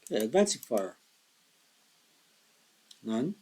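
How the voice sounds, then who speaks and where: Man, solo wargame player, slow mutter, tired, counts aloud, mid-pitched voice. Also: very animated, darkish tone, slight background noise, low-quality recording. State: tired, yawning. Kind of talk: thinking aloud while playing a board wargame.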